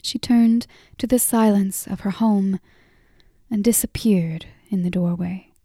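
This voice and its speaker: A woman narrating a fantasy audiobook in a measured, softly drawn-out storytelling voice on a close mic. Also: mid-range voice, dry recording. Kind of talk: scripted narration.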